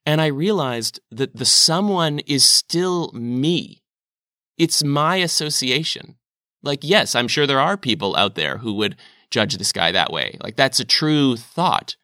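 A man's voice: mid-range voice, expressive, unhurried, sharp tone, dry recording, studio quality. A man speaking in an earnest, self-questioning, confessional monologue. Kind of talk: reflective personal monologue.

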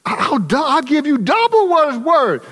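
A greedy king, acted by a man preacher, haggles in a casual, wheedling way. He leans on his buyer and sounds lively and high for a man. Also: normal speed, heavily acted. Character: greedy, sulky ancient king.

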